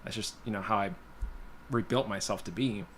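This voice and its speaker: A man's voice: fairly low pitch, moderate pace, a little hiss or hum. A man hosting a casual stream, telling a personal story in a rambling, blunt way full of "you know" and "like". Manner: blunt, plainspoken. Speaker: guitar livestream host.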